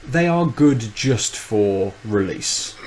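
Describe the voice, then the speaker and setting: A man's voice: lowish voice, lively intonation, slow, background noise. A man, co-host of a podcast, in casual chat, rambling and thinking aloud with many restarts.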